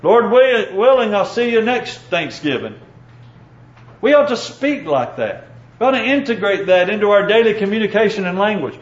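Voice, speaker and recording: High-voiced preacher in an echoey room. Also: male voice, big pitch swings. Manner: earnest, pausing with fillers, quoting scripture. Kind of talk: sermon. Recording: echoey, dull room sound.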